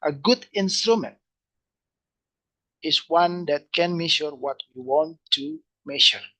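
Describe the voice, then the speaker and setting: A man lecturing, speaking haltingly and repeating phrases. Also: on the high side, a bit bright, poor audio. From Indonesia. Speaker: university lecturer. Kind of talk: webinar lecture.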